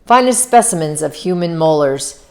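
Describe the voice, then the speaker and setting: Brief: a woman doing a self-important fifty-year-old gangster, raised and loud, in a homemade read-aloud. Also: low voice, animated, moderate pace. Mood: boastful. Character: older male gangster, sentimental and boastful.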